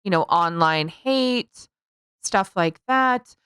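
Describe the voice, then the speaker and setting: A woman's voice: medium pitch, expressive, slow pace, fairly bright tone, clean tone, no echo, studio quality. A middle-aged woman, co-hosting a podcast in casual, blunt, profane chat, laughing often. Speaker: podcast co-host.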